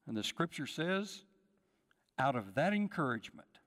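A man in a church sanctuary preaches with a dramatic, rousing delivery, acting out the voices in the story and calling out to his listeners. His voice sits a little high for a man, and a long hall reverb trails after every phrase. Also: very animated, normal speed, a bit bright. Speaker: pastor. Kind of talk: sermon.

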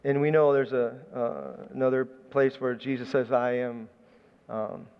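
A man's voice: medium pitch, fairly even intonation, a little slow, vocal fry, smooth, in a large hall, muffled recording. A man preaching a sermon in a conversational, storytelling way, often restarting his phrases. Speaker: pastor.

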